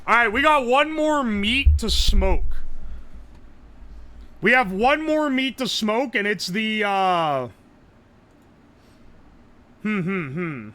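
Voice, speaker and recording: A young man, chatting casually on a live stream, loud and joking, swearing often and laughing a lot. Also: high-pitched, expressive, takes it slowly, long pauses. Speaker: livestreamer.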